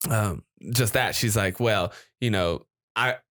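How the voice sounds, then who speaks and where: Bright-voiced man chatting casually. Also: fairly low pitch, slow pace. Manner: rambling, laughs while retelling stories. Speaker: podcast host. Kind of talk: casual podcast chat.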